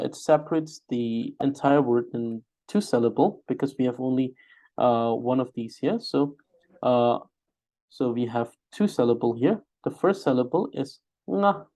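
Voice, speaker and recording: A man's voice: medium pitch, mellow. A man teaching an online spelling lesson over a video call, hesitant with many filler sounds, drilling syllables aloud one by one. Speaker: language teacher.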